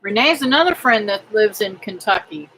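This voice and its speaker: A middle-aged woman hosting a casual livestream, praying aloud and chatting with viewers in a slow, homely way. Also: mid-range voice, lively intonation, fairly bright tone, a little hiss or hum, poor audio. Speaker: homestead livestream host. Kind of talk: casual livestream chat reading comments.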